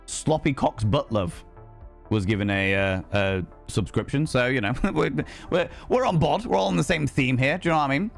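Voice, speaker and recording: A man's voice: mid-range voice, animated, moderate pace, gravelly, soft background music. A man hosting a live stream in a camp, theatrical way, full of grand flourishes. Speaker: streamer and cabaret host. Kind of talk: flamboyant live-stream chat.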